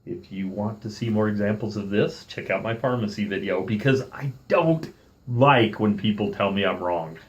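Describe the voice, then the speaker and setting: A middle-aged man telling a story in a casual vlog, animated and irritated, playing both sides of an argument and calling himself by name in the third person. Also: fairly low pitch, moderate pace, dull audio. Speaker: vlogger.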